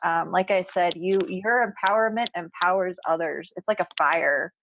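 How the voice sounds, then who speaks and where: A woman's voice: on the low side, moderate pace, a bit bright, slight background noise, rough recording. A woman co-hosting a podcast roundtable, speaking earnestly and close to tears, often repeating words. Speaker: podcast co-host. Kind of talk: emotional roundtable chat.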